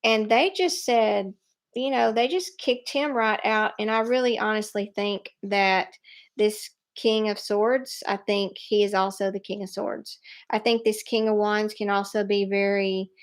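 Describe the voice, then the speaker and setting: A woman giving a live tarot reading, speaking in an animated, emphatic way and laughing often. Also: mid-range voice, unhurried. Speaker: tarot reader.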